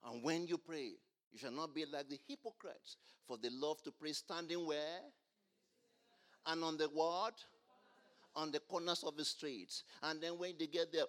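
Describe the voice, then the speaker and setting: A man preaching a sermon, asking the congregation to finish his lines and swinging between quiet explanation and loud exclamations. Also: on the high side, normal speed. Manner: call-and-response preaching, rising to loud exclamations. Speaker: pastor.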